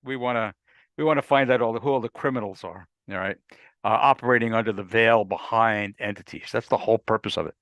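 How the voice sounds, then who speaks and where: A man's voice: on the low side, fast talker, fairly bright tone, dry recording. A male lawyer explaining a new law in a conversational, emphatic way, with repetitions and folksy asides. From United States. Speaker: lawyer hosting a legal briefing.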